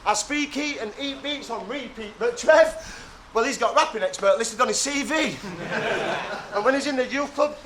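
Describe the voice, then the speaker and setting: A man's voice: extremely high pitch, normal speed, background noise. A man rapping a taunting verse in a live rap battle, laughing at his own lines. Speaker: battle rapper. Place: battle venue before a live crowd. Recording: loud crowd behind a live battle.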